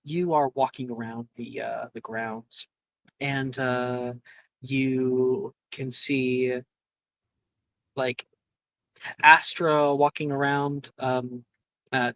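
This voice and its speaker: A game master narrating a tabletop role-play slowly and hesitantly, pausing to think and filling gaps with ums. The voice sounds dry and close. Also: mid-range voice, level tone, a bit bright, no room sound. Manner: hesitant, many fillers.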